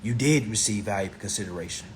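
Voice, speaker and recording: A man's voice: lowish voice, quick pace, slight background noise. A man giving a casual live-streamed teaching, emphatic and repetitive, with rhetorical questions and blunt profanity.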